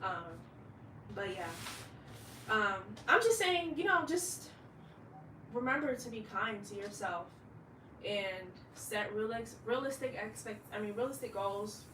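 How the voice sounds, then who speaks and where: A woman's voice: medium pitch, lively intonation, a little slow, long pauses, bright, forceful tone, echoey room, distant mic, slight background noise, low-quality recording. A woman in her late twenties, a fashion designer, talking candidly in a rambling vlog monologue and swearing freely. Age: late 20s.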